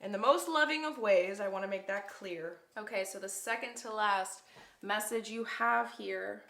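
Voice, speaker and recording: A woman's voice: mid-range voice, normal speed, gravelly, fairly bright tone. A woman giving a casual card reading to viewers, heartfelt and effusive, leaning hard on the lines she wants heard. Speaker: tarot card reader. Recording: echoey room.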